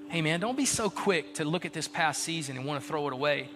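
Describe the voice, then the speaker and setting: A man preaching a sermon as a pastor, exhorting energetically and dropping into hushed storytelling. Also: on the high side, brisk, hardly any pauses, big-room sound, music in the background.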